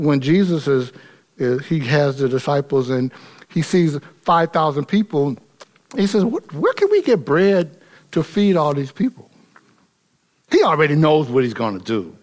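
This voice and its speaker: Animated preacher man, high lively voice. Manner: animated, acts out dialogue with rising intensity; casual, folksy phrasing. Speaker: pastor. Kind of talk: sermon.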